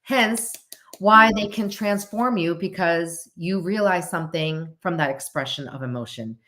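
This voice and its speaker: A woman with a fairly low voice talks with her livestream viewers. She is a therapist, chatty and reflective, and she thinks her points through as she goes. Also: a little slow, fairly bright tone.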